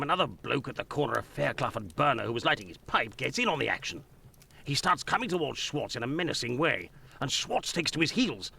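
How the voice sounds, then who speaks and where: A man's voice: medium pitch, vocal fry, bright, forceful tone, a little hiss or hum, full character voice. An actor playing a boastful, chatty newspaperman who tells stories in slangy speech in a video game. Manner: brash, storytelling, slangy. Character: cocky London male newspaperman, boastful and chatty.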